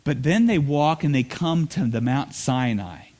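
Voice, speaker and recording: A man preaching a sermon as pastor, telling the story with playful asides and quick acted lines. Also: mid-range voice, animated, darkish tone.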